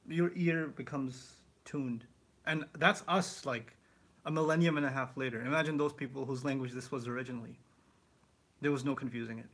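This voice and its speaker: A man teaching the Quran in a live question-and-answer session, explaining with lively asides and rhetorical questions. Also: medium pitch. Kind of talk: live Q&A lesson.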